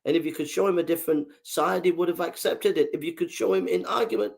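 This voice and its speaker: A man's voice: sits high, quick pace, gravelly, hardly any pauses, darkish tone. A man, a podcast host delivering an emphatic, fiery political monologue full of repetition.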